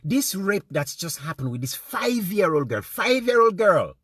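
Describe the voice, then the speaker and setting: Addressing his fellow men, a man with a Sierra Leonean accent delivers an indignant, impassioned monologue, blending English with Krio phrasing and repeating words for emphasis. His voice is fairly high, sing-song, bright and a bit breathy, at normal speed, in a dry, clean studio recording.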